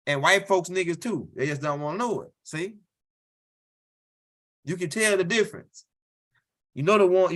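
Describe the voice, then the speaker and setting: A man's voice: high-pitched, fairly bright tone. A male stand-up comedian telling a rambling, profane story and checking in with the crowd with "right?". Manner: loose, profane storytelling with frequent "right?" tags.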